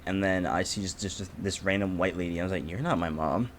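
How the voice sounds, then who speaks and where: A teenage man telling a story on a podcast in casual chat, swearing a lot and acting out the people in it loudly. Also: low voice, a little fast, slight background noise. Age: teens. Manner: animated, profane, acts out quotes loudly. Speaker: podcast co-host.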